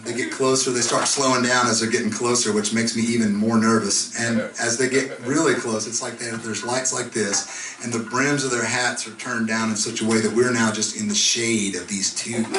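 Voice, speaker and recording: A man performing live, telling a funny story between songs in a relaxed, chatty way. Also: mid-range voice. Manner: laid-back, conversational, chuckling through the story. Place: concert venue stage with audience. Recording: echoey live room, distant, audience noise. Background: live audience.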